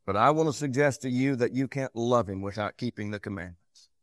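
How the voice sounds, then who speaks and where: A man preaching a sermon, rising to loud, high passages and sinking to low, quiet ones. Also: brisk, dry recording, clean studio sound.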